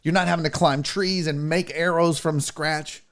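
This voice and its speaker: A man's voice: a little high, moderate pace. A man hosting his own sports podcast from home, rambling and swearing in a loose chat to his live audience. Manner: rambling, profane, animated, acts out silly voices. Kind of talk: casual live-stream chat. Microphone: podcast mixer setup.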